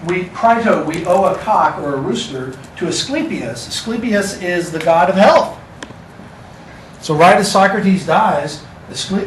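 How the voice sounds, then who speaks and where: A man's voice: fairly high pitch, recorded from a distance, a little hiss or hum. A man teaching a class, with a casual, joking lecture manner. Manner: casual, joking, talks to students. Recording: echoey classroom recorded from afar.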